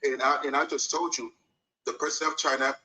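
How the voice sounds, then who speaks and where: A man's voice: mid-range voice, fairly even intonation, brisk, pushed and bright, rough recording. A man arguing insistently in a heated debate, repeating himself and talking over the other speaker.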